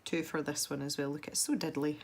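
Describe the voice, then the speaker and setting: A woman with a slightly low voice narrates a colouring tutorial while she works. She talks in an easy, chatty way, pokes fun at herself and laughs lightly now and then. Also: flat delivery, fairly quick, darkish tone. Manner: chatty and self-deprecating, with small laughs.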